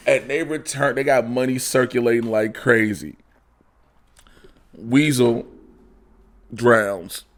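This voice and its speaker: A man reviewing a film in a casual, animated way, acting out the characters as he retells the story. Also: medium pitch. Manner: animated storytelling, acts out characters, frequent laughter and profanity.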